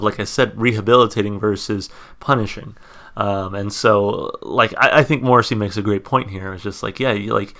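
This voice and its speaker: Gravelly-voiced American man reacting to music. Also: fairly low pitch, pushed and bright. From United States. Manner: thinking aloud, reading lyrics and notes, many fillers. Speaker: music reaction channel host. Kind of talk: casual music reaction commentary.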